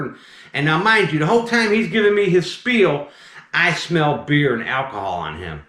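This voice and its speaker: A man with a slight Southern accent who removes snakes, telling a story in a chatty, animated way. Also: on the high side, normal speed. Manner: animated, chatty, keeps saying "right?" and "mind you". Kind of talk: casual storytelling. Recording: roomy echo.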